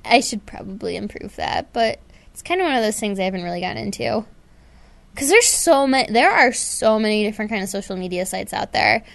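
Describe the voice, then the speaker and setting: A woman's voice: medium pitch, lively intonation, fairly quick, gravelly, fairly bright tone. A woman co-hosting a casual web talk show, chatting and giggling often, with lots of "like" fillers. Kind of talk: casual chat.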